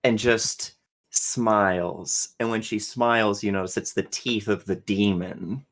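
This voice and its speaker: A man's voice: lowish voice, steady tone, a little slow. A man narrating as game master in a tabletop role-playing game, vivid and laughing, with some swearing.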